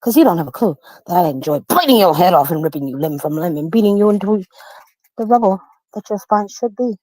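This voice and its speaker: A woman delivers spoken-word poetry in a low, dark, breathy voice. She pushes into loud dramatic peaks and drops to quiet threatening murmurs. The sound is dry, with no room around it. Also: expressive, brisk, no room sound, poor audio. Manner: dramatic, swings between loud bursts and low menacing murmurs. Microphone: video call stream.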